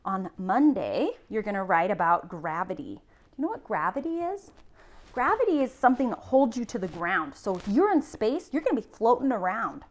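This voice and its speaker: A woman teacher giving a recorded class lesson, slowly sounding out spelling rules in a patient, encouraging way. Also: mid-range voice, sing-song. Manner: slow, patient, sounding out words.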